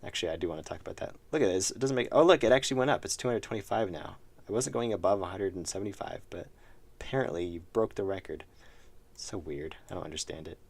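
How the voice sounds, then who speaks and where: Fast-talking and gravelly, with a low, darkish tone, a man chats with viewers while streaming work on his indie game. His casual, rambling talk is self-deprecating, and he's losing his voice.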